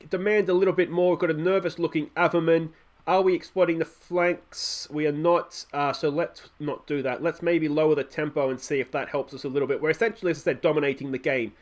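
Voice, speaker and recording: A young man with an Australian accent commentating his own football management game in a chatty, self-mocking way. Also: fairly high pitch. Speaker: gaming YouTuber. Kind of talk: let's play commentary.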